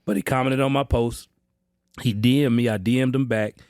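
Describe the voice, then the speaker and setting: Slangy energetic man guesting on a podcast. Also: mid-range voice, brisk, smooth, dry recording, clean studio sound. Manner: energetic, slangy, street-casual. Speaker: podcast guest, sales trainer. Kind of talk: casual podcast chat. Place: on-site session at a roofing company.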